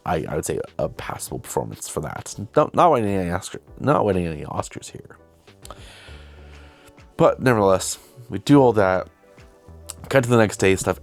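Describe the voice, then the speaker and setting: A young man hosting his own channel, telling a casual, rambling, self-deprecating story about making a film. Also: on the low side. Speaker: video host and filmmaker.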